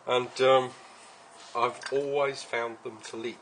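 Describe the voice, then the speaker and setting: British guy talking through his build, lots of ums, relaxed and rambly, bit of hum in the back. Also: mid-range voice, takes it slowly, poor audio. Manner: rambling, easygoing, many ums and uhs. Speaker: hobbyist builder. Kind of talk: casual workshop build vlog.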